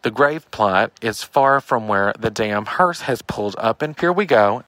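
A man telling a funny story in a voicemail. He talks with emphasis and acts out the shouted quotes. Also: fairly low pitch, measured pace, dry recording. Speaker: caller leaving a voicemail story. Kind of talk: animated comic storytelling.

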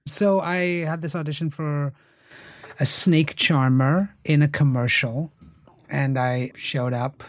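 A man, an actor and writer, casually telling stories as a guest, acting out quotes with lively raised voices. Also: on the high side, slow pace, no echo. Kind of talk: casual storytelling.

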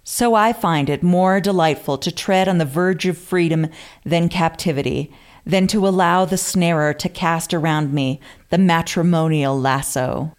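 A woman with a fairly low voice hosts a casual podcast chat. She reads old letters aloud with an amused, theatrical flourish, breaking off into light asides between them. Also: a little slow. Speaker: podcast co-host.

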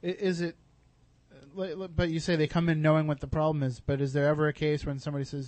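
A man's voice: on the high side, level tone, fast, a little mellow, no room sound. A man hosting a radio interview, asking questions with frequent restarts and reading out show announcements. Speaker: radio host. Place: radio studio.

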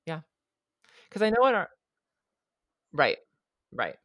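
A woman's voice: lowish voice, huge pitch swings, slow, a bit bright, no room sound, clean studio sound. A woman co-hosting a podcast, chatting enthusiastically and speaking directly to her listeners. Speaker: podcast co-host. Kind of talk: casual podcast chat and ad read.

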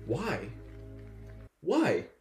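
A young man co-hosting a chatty podcast, gossiping with animated energy and slipping into little impressions of the people he talks about. His pitch swoops up and down all the time. The room around him sounds echoey. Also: drawn-out words, soft background music. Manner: animated gossiping, acts out quotes. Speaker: podcast co-host. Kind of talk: casual chat.

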